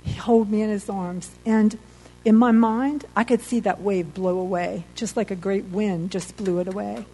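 Woman, earnest faith testimony, halting and heartfelt, warm mellow tone. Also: mid-range voice, fairly even intonation, a little hiss or hum, poor audio. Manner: earnest, halting, emotional storytelling. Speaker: accident survivor giving testimony.

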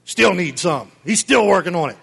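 High-voiced, fervent male preacher. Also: lively intonation, moderate pace, vocal fry, husky. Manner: fervent, emphatic preaching that swells to near-shouting; folksy, with chuckles and asides. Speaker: pastor. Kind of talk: sermon.

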